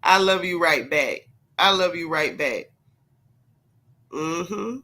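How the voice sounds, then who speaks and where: A gossip channel host with a congested, sick-sounding voice speaks straight to her livestream chat, repeating points to stress them. She's on the low side, slow and bright, with lively intonation and a forceful tone.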